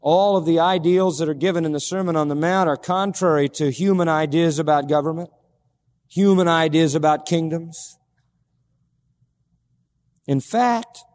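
A man's voice: fairly high pitch, a little mellow, long reverb tail. A man preaching a sermon, emphatic, repeating key words and asking his listeners questions. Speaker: pastor.

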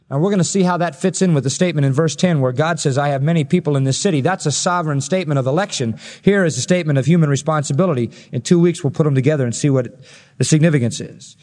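A man's voice: fairly high pitch, darkish tone, long reverb tail. A male pastor preaching an expository sermon, telling the story dramatically and acting out the quotes he reads.

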